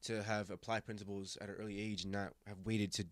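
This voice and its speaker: Guest, young man from Germany, lowish voice, animated and emphatic, dry close mic. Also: quick pace, dry recording. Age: 20s. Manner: animated, emphatic, acts out quoted voices, frequent restarts. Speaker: podcast guest. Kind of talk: casual storytelling conversation.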